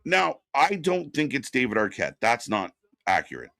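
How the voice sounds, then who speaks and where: A man's voice: medium pitch, wildly swooping pitch, moderate pace, vocal fry, sharp tone, no room sound, studio quality. A man hosting a casual wrestling talk show, ranting bluntly with plenty of swearing. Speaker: wrestling commentary host. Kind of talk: casual podcast chat.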